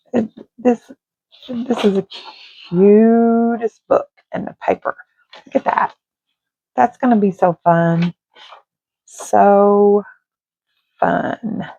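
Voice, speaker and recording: A woman's voice: mid-range voice, creaky, warm tone, dry recording. A woman, chatting and rambling casually while she colors, sometimes drifting into murmurs. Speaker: art channel host. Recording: tinny phone-like dry sound.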